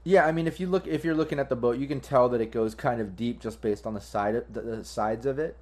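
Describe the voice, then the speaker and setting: A man's voice: medium pitch, fast, a little mellow. A man running a tabletop game as game master, rambling with fillers and restarts.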